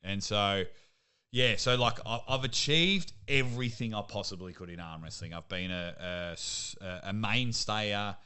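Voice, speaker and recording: A young Australian man, a sports commentator, chatting casually as a podcast guest and telling lively stories. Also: on the low side, a little slow, clean tone. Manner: lively storyteller, laughs at himself. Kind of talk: casual interview chat.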